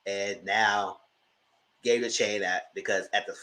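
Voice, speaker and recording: A man hosting a channel, recapping TV episodes in casual, gossipy commentary, swearing freely and jumping into squealed exclamations. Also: a little slow. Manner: animated, gossipy retelling with frequent swearing; breaks into high squealing exclamations. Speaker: TV show reviewer and channel host.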